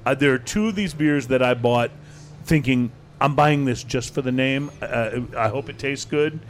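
A man hosting a casual chat show, talking in a relaxed, halting way with many fillers and restarts. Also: mid-range voice, a little hiss or hum. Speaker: podcast host.

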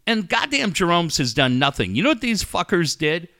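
A man's voice: high voice, very animated, normal speed, bright, forceful tone, no room sound, clean studio sound. A man hosting a podcast, ranting and telling stories in casual, profane chat and mocking other people's voices. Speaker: podcast host.

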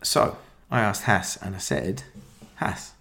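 A man with a low voice hosts a podcast in loose, casual chat. He rambles and swears freely as he talks things over with his co-host. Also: lively intonation, takes it slowly, creaky, bright, forceful tone.

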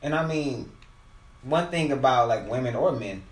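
A man's voice: mid-range voice, lively intonation, moderate pace, recorded from a distance. A man chatting casually while drunk, talking loosely and laughing. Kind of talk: casual chat. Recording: roomy, off-mic, faint noise.

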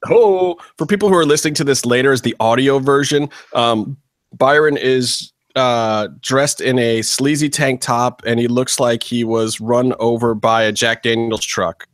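Male co-host, mid pitch, rambling and jokey, dry close sound. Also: fairly even intonation, moderate pace, a bit bright, dry recording. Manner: joking, chatty, rambling. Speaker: podcast co-host. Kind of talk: casual chat.

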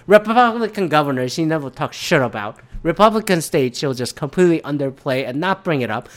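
Man with a slightly higher voice; loose, profane, rambling rant delivery. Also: expressive, a little fast, hardly any pauses. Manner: mimics others in quoted asides. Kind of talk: casual rant on current events.

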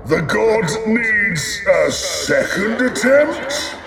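A man's voice: on the high side, big pitch swings, echoey room, a loud crowd, voice pushed up, heavily acted. A man voicing a sly, mocking male giant king who drags out his words. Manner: slow, drawn-out goading.

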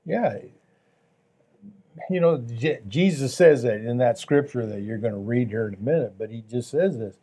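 A man's voice: medium pitch, moderate pace, dark tone, husky. A man, a pastor, talking earnestly on a faith talk show, with a preaching tone and repeated phrases.

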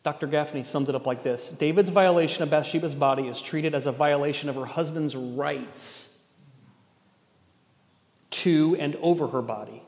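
A man's voice: a little high, darkish tone. A man preaching a sermon as pastor, earnest, with pointed rhetorical questions and a touch of dry sarcasm. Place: church gathering space. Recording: echoey hall, long reverb.

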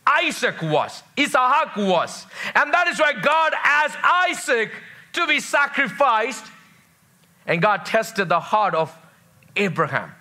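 A pastor preaches to his congregation, driving points home by repeating them and calling for responses. His voice sits high for a man and rings bright and forceful. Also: big pitch swings, slow. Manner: emphatic preaching with repeated phrases. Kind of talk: sermon.

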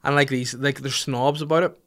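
A man's voice: medium pitch, fairly quick. A young man holds the floor on a casual podcast. He tells a comic anecdote with lots of swearing and acts out the people in it as he goes. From Northern Ireland. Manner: animated, profane, acts out voices in anecdotes. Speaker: podcast host. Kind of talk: comic storytelling chat.

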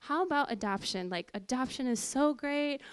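Animated woman telling a church testimony. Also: moderate pace, smooth, no room sound. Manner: lively, acts out quoted voices with big pitch jumps. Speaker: speaker giving a personal testimony. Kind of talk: storytelling testimony to an audience.

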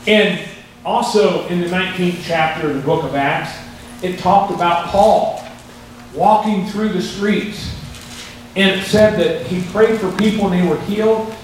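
A man's voice: high-pitched, a little slow, a little hiss or hum. A male pastor preaching a sermon, telling folksy stories between scripture readings, heard from a distance in a church with the congregation answering. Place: church sanctuary. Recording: echoey church from far off. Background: congregation responses.

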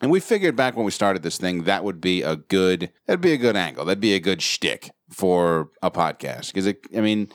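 A man's voice: deep voice, big pitch swings, normal speed, hardly any pauses, no room sound, studio quality. A man hosting a podcast in casual banter, profane and rambling, laughing often. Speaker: podcast host.

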